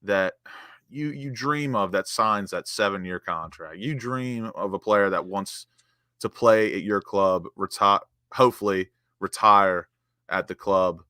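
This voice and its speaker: A man's voice: on the low side, a little slow, pushed and bright, clean tone, no echo, studio quality. A man, co-hosting a casual football fan chat, passionate and quoting stats as he rates players. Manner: passionate, emotional, quotes stats. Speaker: co-host rating players.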